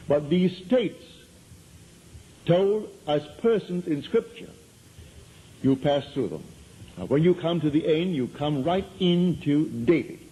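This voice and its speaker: Speaking to a live audience, this man gives a spiritual lecture in a slightly high, warm, somewhat rough voice, captured on poor audio. His style is conversational storytelling, and he repeats key points for emphasis.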